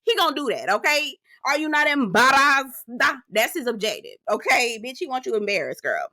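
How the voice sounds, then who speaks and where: Young woman TV reviewer: bright, sharp tone, animated and profane, punchy repetition. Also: high-pitched, normal speed. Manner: animated, profane, emphatic repetition, laughs often. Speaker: TV show reviewer. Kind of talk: casual reality TV recap commentary.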